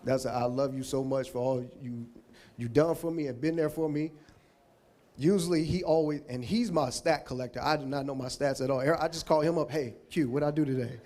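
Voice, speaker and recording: A man's voice: medium pitch, moderate pace, darkish tone. A man giving a heartfelt, rambling Hall of Fame acceptance speech, thanking people one by one.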